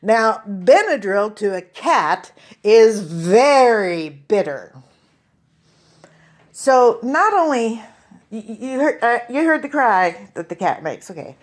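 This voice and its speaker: A woman tells a stand-up comedy story, and her pitch jumps up and down. She drops in profane, deadpan asides between the beats. Her voice sits a little higher than most. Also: slow pace.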